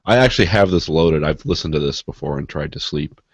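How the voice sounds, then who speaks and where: Very deep-voiced deadpan podcast host. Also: male voice, fairly quick, husky, no room sound, studio quality. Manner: deadpan, self-mocking, laughs at his own jokes. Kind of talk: casual podcast banter.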